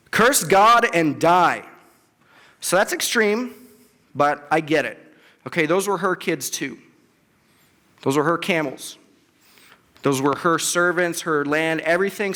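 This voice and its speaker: Young male preacher, high voice, casual and animated, reverberant hall. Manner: conversational, acts out biblical quotes with emphasis. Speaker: campus ministry speaker. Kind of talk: casual sermon. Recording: long reverb of a large hall.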